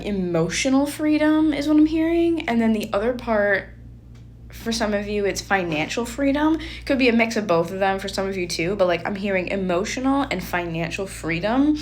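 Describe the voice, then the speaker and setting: Young woman, chatty tarot reader, mid-pitched voice, faint hum behind. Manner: chatty and animated, heavy "like" fillers. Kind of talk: casual spoken tarot reading.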